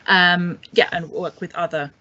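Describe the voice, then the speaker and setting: A woman's voice: fairly low pitch, steady tone, a little slow, pushed and bright, highs cut off. A woman giving practical teaching tips in a webinar, listing resources with frequent fillers. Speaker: language teaching presenter. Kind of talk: webinar talk.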